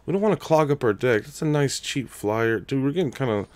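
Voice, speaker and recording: A young man live-streams his game, talking casually with plenty of slang, loud laughter and donations read aloud in thanks. He sounds medium-pitched, expressive and fairly quick, with no echo.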